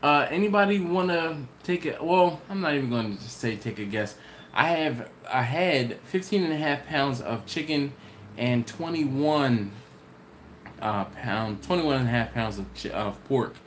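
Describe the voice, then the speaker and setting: A mid-range, fairly bright voice, animated yet measured in pace, with slight hiss or hum. The man, from Maryland, US, runs a live barbecue stream where he answers chat in a casual, rambling manner and laughs a lot.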